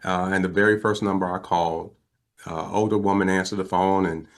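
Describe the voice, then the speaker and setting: A man in his fifties, a talk show guest, telling an emotional personal story in an animated, earnest way. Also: low voice, fairly quick. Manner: animated storyteller who acts out quoted voices. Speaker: interview guest.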